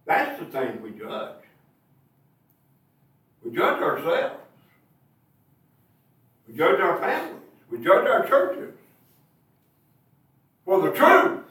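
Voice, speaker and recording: A man's voice: on the high side, wildly swooping pitch, slow, long pauses, fairly bright tone. A man preaching a sermon, asking his listeners rhetorical questions and pressing his points with emphatic bursts. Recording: echoey room, mic at a distance.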